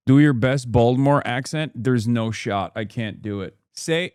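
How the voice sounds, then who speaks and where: A man's voice: medium pitch, measured pace, few pauses, darkish tone, clean tone, dry recording, studio quality. A man hosting a live stream, reacting to clips with casual, sarcastic, profane commentary and repeating his punchlines for effect.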